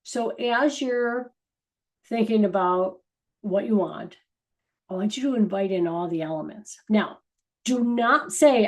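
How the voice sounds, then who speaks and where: A woman's voice: mid-range voice, poor audio. Earnest woman channeling spiritual messages. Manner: earnest, rambling, with restarts and soft trailing ends. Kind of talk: casual spiritual talk to viewers.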